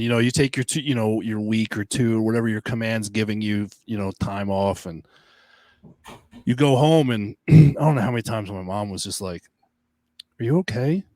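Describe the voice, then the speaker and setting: A middle-aged man from Long Island co-hosting a podcast, talking in an emphatic, halting way that circles back on itself. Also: lowish voice, no echo. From Long Island, New York. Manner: emphatic, halting, repeats himself. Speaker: podcast co-host. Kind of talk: casual podcast chat.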